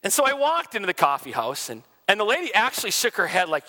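This is a pastor with a bright, slightly high voice. He tells stories in an animated way, rising and falling between loud and quiet. The sound carries a long, reverberant tail. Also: quick pace. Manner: animated storyteller, swings loud and soft. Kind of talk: storytelling in a conversation.

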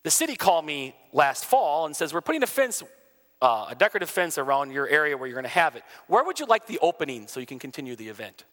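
A man, a pastor, telling stories in an animated way during a conversation, with his voice rising and dropping as he goes. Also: a little high, quick pace, in a large hall. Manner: animated storyteller, swings loud and soft. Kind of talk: storytelling in a conversation.

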